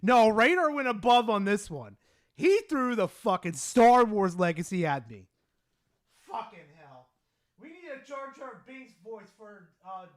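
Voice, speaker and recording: A young man streaming live, excitable and swearing, swinging from loud shouts to low mumbles. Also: no room sound, clean studio sound. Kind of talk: casual live-stream chat.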